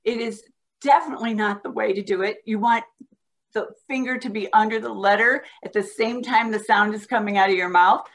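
A woman guest on a podcast, patiently explaining how to teach a child to read, sounding out words slowly as she demonstrates. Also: medium pitch. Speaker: guest reading educator. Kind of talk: instructional podcast talk.

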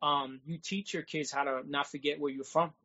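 A man's voice: fairly high pitch, fairly even intonation, normal speed, pushed and bright. Laid-back New man in his forties. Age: 40s. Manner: streetwise, laid-back, keeps saying "you know what I'm saying". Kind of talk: casual chat. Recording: dull lo-fi sound.

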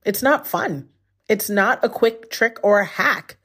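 A woman's voice: medium pitch, lively intonation, measured pace, a bit bright, husky. A woman from the South, hosting her podcast and telling a personal story in a chatty, self-deprecating way. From Southern US, Atlanta. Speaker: podcast host and speaker. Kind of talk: casual solo podcast storytelling.

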